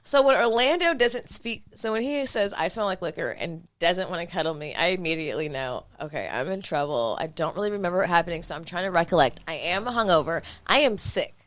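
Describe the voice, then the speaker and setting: A woman in her thirties co-hosting a casual podcast, explaining herself quickly and emphatically. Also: fairly low pitch, animated, a bit bright, dry recording. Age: 30s. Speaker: podcast co-host. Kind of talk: casual chat.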